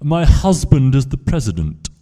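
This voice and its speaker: A man voicing a very well-spoken, proud older lady with a shrill, theatrical manner. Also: big pitch swings, moderate pace, dark tone, slight background noise, close to an everyday voice. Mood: gracious. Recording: echoey hall.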